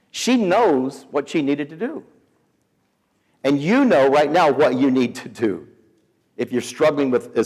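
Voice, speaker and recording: A middle-aged man preaches to students in a lively, storytelling way. His pitch rises and falls a lot as he talks. The sound carries a long reverb from a large assembly hall. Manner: animated storyteller, acts out voices in quotes. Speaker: week of prayer speaker.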